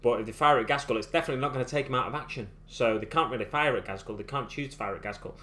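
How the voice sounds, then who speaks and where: A man's voice: medium pitch, very fast, pushed and bright. A British man chatting casually while live-streaming his miniature painting, thinking aloud in a rambling way with frequent restarts. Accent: British English. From United Kingdom.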